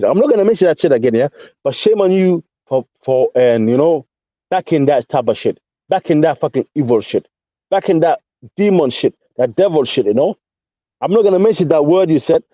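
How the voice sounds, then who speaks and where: A London-accented man, calling into a voice chat, rants casually and combatively, returning again and again to the same points. His pitch is slightly high, and "mate" and "bro" turn up in almost every line. The dry, dull audio sounds like a lo-fi chat line.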